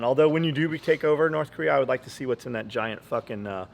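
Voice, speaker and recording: A man's voice: mid-range voice, quick pace, gravelly, hardly any pauses. A man hosting a podcast in casual chat, blunt and profane, rambling from story to story. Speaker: podcast host.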